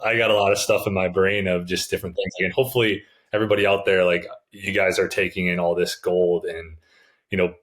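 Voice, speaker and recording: Man, very low voice, casual podcast host, relaxed, chatty, filler-heavy. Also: quick pace. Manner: relaxed, enthusiastic, lots of fillers like "like" and "dude".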